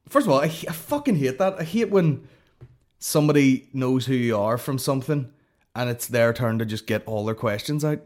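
A man's voice: mid-range voice, moderate pace. Sweary man ranting. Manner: sweary, animated storytelling with lots of fillers. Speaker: comedy podcast host. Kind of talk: casual comedic rant.

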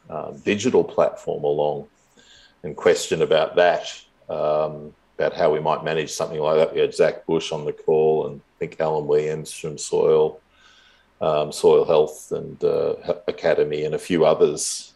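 A man's voice: rumbling low, darkish tone. A man in his fifties telling a long story in a casual, rambling way, chuckling often as a guest in an interview. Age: 50s.

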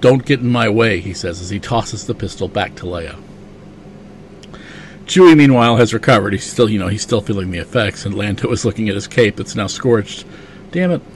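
A man's voice: lowish voice, a little fast, a little hiss or hum. A man hosting a podcast, recapping a comic casually with enthusiasm, lots of "you know" and chuckles. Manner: enthusiastic, chuckling, many fillers.

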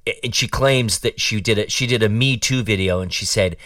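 A man's voice: fairly low pitch, a little fast, few pauses, fairly bright tone, no room sound, clean studio sound, far from the mic. A man hosting a talk show and giving opinionated political commentary in a sarcastic, mocking, rambling way.

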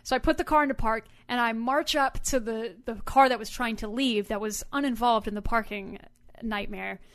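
A woman co-hosting a podcast, telling a story in a casual, animated and emphatic way. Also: fairly high pitch, normal speed. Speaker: podcast co-host. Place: lives in Houston area.

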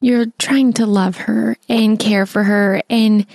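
A woman in her thirties co-hosting a podcast, talking in a warm, encouraging and reassuring way in casual chat. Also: medium pitch, fairly even intonation, slow pace, vocal fry, no room sound, studio quality. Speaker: podcast co-host.

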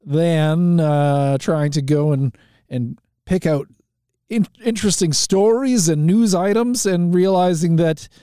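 A Canadian man hosts a live call-in show, rambling easily through his opening with fillers and restarts. His voice sits a little high and he talks unhurriedly. The studio sound is dry and close. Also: takes it slowly, warm tone, clear, resonant tone, no room sound. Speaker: talk show host. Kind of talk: casual call-in show monologue.

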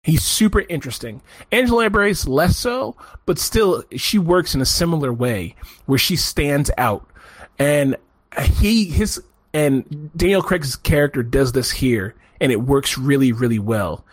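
A man's voice: fairly high pitch, a little slow, breathy edge, no room sound. A man co-hosting a podcast, talking through a movie review in loose, rambling casual chat. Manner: rambling, animated, restarts a lot. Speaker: podcast co-host.

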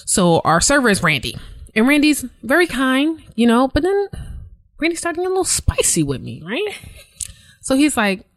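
A woman podcast co-host telling a travel story in casual chat, animated, laughing, swearing freely. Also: sits high, normal speed, no echo.

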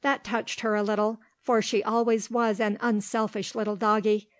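A woman narrating a storybook in a steady, measured reading voice. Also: medium pitch, no echo. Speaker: audiobook reader.

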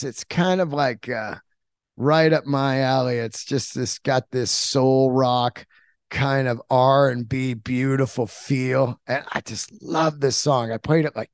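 Brief: excitable, foul-mouthed male podcast host talking off the cuff, close dry mic. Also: medium pitch, smooth, no echo. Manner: rambling, profane, enthusiastic. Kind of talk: casual monologue.

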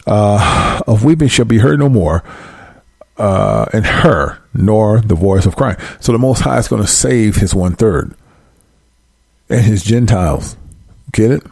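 A man reading scripture aloud and preaching in a casual livestream, drawing out the verses slowly, then breaking into quick asides and checking that listeners follow along. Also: fairly low pitch, animated, gravelly, a little mellow, breathy edge, dry recording, clean studio sound.

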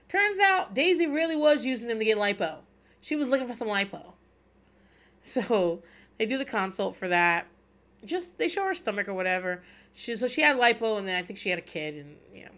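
A woman's voice: on the high side, lively intonation, brisk, fairly bright tone. A woman in her thirties hosting a podcast, recapping a reality show in a chatty, profane, wry way. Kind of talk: casual solo recap chat.

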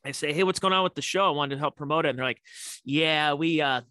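A man's voice: on the high side, fast, pushed and bright, smooth, no echo. A man co-hosting a casual comedy podcast, telling chatty anecdotes and laughing often. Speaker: podcast co-host.

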